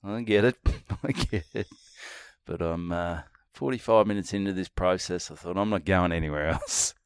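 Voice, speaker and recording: Australian bloke, podcast co-host, crude yarn-spinner, dry close mic. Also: male voice, low-pitched, normal speed, smooth, dry recording. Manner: crude, laddish, acts out quoted voices. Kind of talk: casual storytelling chat.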